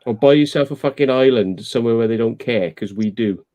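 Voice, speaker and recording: Sweary man with a mellow voice. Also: medium pitch, a little fast. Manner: sweary, ranting. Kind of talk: casual live-stream chat.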